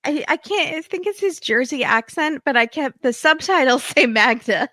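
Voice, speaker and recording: A bright, high-voiced woman guest on a casual chat podcast. She talks in an animated way, laughs often and acts out lines. Her voice is close and dry. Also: normal speed, dry recording.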